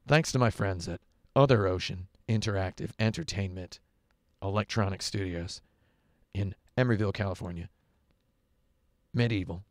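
A man's voice: sits low, no room sound, clean studio sound. A man chatting casually on a game livestream, telling rambling, digressive stories into a headset at home. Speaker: streamer. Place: home room with carpet.

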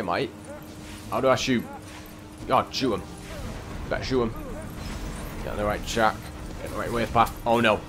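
A man's voice: on the low side, moderate pace, long pauses. A young man giving casual, chatty let's-play commentary, exclaiming at the game and repeating his catchphrases. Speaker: gameplay commentator. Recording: faint game music behind.

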